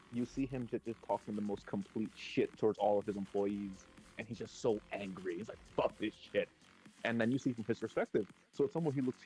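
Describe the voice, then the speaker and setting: A man in casual chat, rambling through an animated story with crude language and frequent laughs. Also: fairly low pitch, low-quality recording.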